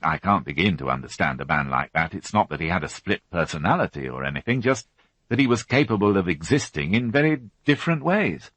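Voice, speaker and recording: A man reading a police inspector's lines in a measured, tactful way. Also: deep voice, very animated, fairly bright tone, dry recording, exaggerated voice. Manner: measured, slow, tactful questioning. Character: middle-aged male police inspector, reserved and careful.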